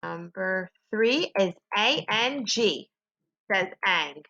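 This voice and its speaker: A woman teaching a phonics lesson to young children, slowly sounding out letters and sounds and asking them to echo her. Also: medium pitch, expressive, pushed and bright, lo-fi sound.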